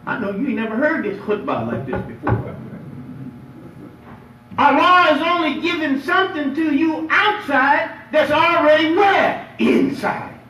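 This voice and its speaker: A man preaching a lively Friday sermon as imam, playful and emphatic, drawing responses from the congregation. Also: very high voice, a little slow, a little hiss or hum. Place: mosque prayer hall. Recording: echoey hall, picked up from far off.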